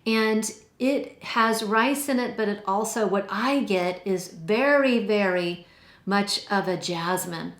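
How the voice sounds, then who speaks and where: A woman's voice: medium pitch, slow pace, fairly bright tone. A woman casually reviewing perfumes in a chatty, enthusiastic way, stretching out her descriptive words. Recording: roomy echo.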